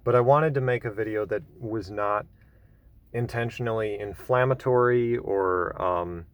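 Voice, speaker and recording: A man's voice: lowish voice, unhurried. A man giving a casual solo commentary, rambling with many fillers and self-corrections, with dry, wry asides.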